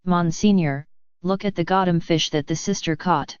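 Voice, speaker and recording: A woman voicing a stern older Mother Superior, lower and quieter than her usual reading. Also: moderate pace, clean tone, no room sound, dull audio, close to an everyday voice.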